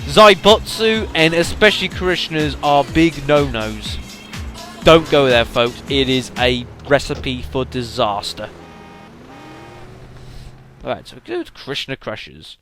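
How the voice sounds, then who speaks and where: A man's voice: on the high side, animated, measured pace, pushed and bright, soft background music. A young man giving rambling, casual commentary on a game he is playing, with fillers and sudden exclamations. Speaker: let's play commentator.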